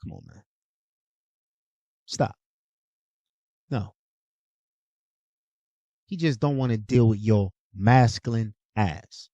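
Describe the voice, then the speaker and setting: A man's voice: fairly low pitch, slow pace, long pauses, mellow, no echo, muffled recording. A young adult man hosting his own show, lecturing in a blunt, profane, casual way. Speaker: host. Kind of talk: casual monologue.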